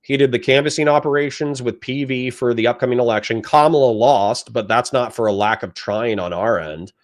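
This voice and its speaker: A man's voice: mid-range voice, a little fast. Heated, profane man ranting at chat. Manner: heated, profane, lectures the audience. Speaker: streamer reacting to chat. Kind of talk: ranting political commentary.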